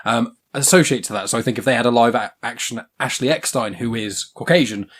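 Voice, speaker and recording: A man's voice: mid-range voice, a little fast, fairly bright tone. A man hosting a casual chat, rambling and laughing often, with plenty of ums. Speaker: podcast host. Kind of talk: casual chat reviewing a show.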